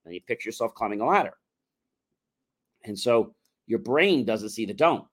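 A man's voice: on the low side, lively intonation, moderate pace. A man on a talk show explaining a mindset technique, coaching listeners and acting out repetitive self-talk.

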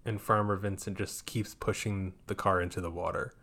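A man co-hosting a casual movie review podcast, retelling scenes in an animated way. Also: deep voice, moderate pace. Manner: animated, acts out scenes in exaggerated voices. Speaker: podcast co-host.

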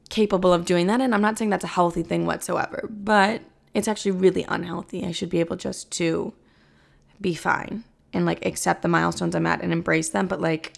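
A woman's voice: lowish voice, creaky. A young woman in her twenties hosting a solo podcast, chatting casually, full of filler words and swearing freely. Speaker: podcast host.

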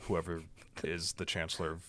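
A man's voice: deep voice, flat delivery, normal speed, bright, forceful tone, a little hiss or hum. A young man co-hosting a casual political podcast, teasing and bantering playfully. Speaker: podcast co-host.

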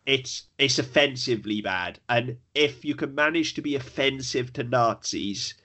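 A man's voice: medium pitch, normal speed, pushed and bright. Blunt, sweary man reviewing a film. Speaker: podcast co-host. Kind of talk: casual film review chat.

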